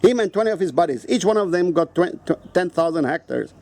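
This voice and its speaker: A man's voice: sits high, lively intonation, fairly quick, a little mellow. Profane ranting South African man. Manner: profane, repetitive, confrontational. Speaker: video host. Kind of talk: angry rant to camera.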